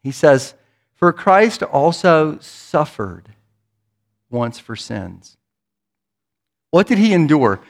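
A male pastor preaching to his congregation in a church. His voice sits a little high for a man, and he speaks earnestly, repeating words as he builds each thought. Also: sing-song, slow pace, creaky, pauses often. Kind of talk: sermon.

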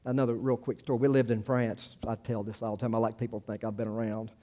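A middle-aged American pastor preaches a sermon in a conversational style, full of asides and self-deprecating jokes, building to emphatic peaks on key phrases. His voice sits on the low side with a dark tone, and he talks fast with a flat delivery.

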